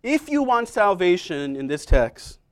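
A middle-aged man preaching a sermon in a church, telling personal stories in a conversational, self-deprecating way with quick asides to the congregation. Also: high voice, very animated, clean tone.

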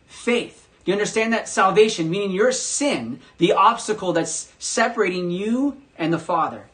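A man preaching a sermon as pastor, animated, acting out the quoted voices with sudden loud bursts. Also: sits high, normal speed.

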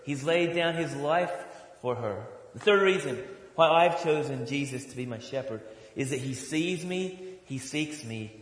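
A middle-aged American man preaching a sermon as pastor, joking and rising to loud mock outrage. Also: mid-range voice. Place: church sanctuary. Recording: echoey hall, long reverb.

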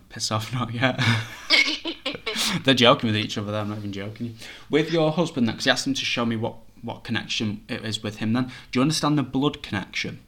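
Lowish-voiced guy doing a medium reading, chatty, reassuring. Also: a bit bright. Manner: chatty, reassuring, relays messages in quick bursts. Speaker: psychic medium. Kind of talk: reading for a sitter.

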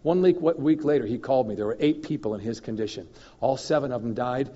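A man, a guest minister, preaching a sermon full of personal stories, animated, chuckling and making sound effects as he tells them. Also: medium pitch, fast. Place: church meeting hall. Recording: dull echoey church hall recording.

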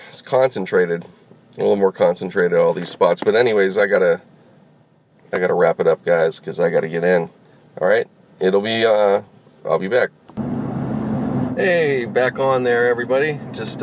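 A man's voice: fairly low pitch, a little hiss or hum. A man rambling casually while vlogging from inside his car as a rideshare driver, full of fillers, restarts and swearing. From Los Angeles.

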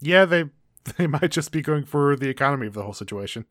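A man's voice: on the high side, expressive, quick pace, a bit bright, no echo, studio quality. A man co-hosting a casual recap chat, walking through the plot in a wry, laid-back way. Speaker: podcast co-host.

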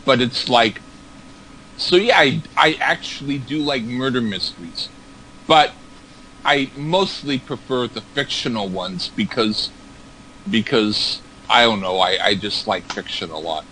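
A man co-hosting a podcast, talking casually in a halting, rambling way and repeating words. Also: mid-range voice, sharp tone, slight background noise, rough recording. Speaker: podcast co-host. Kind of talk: casual chat.

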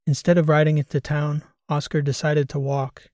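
A man narrating a science fiction audiobook in a steady, even storytelling manner. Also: on the high side, moderate pace, no echo, clean studio sound. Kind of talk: scripted narration.

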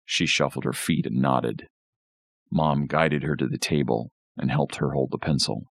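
A man hosting a podcast, reading a horror story aloud with expressive storytelling. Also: a bass voice, a little slow, creaky, dry recording. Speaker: podcast host.

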